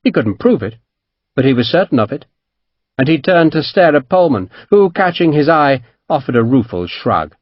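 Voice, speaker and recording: Expressive male audiobook narrator. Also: a little high, moderate pace, no echo, dull audio. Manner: expressive storytelling. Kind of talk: scripted narration.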